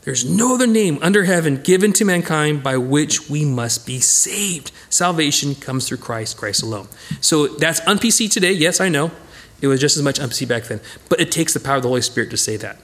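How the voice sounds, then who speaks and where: A male Bible teacher leading a casual study, speaking with emphatic energy and addressing his group directly. His voice sits high and swings widely in pitch as he drives home each point. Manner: animated, emphatic, talks to listeners as "guys".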